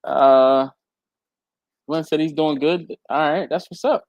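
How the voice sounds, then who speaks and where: Speaking slowly, a sweaty livestream host chats from a hot home garage cooled by a fan and air handler, reading viewer comments aloud. He's chatty, laughs frequently, and his pitch swings lively. The recording is muffled, with no echo.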